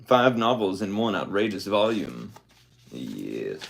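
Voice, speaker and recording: Male reader, deep gravelly voice with a lively, swinging delivery; casual read-aloud with joking asides. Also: slow, slight background noise. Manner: reads aloud, then breaks off with joking comments. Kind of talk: casual book reading with asides.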